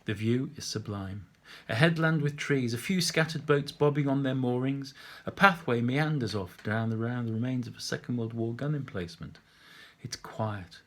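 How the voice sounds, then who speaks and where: A middle-aged man reads his own story aloud, and his husky, slightly breathy voice sits at an ordinary pitch. His narration is dry and wry, delivered in an unhurried way. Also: fairly bright tone. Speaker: author reading his book.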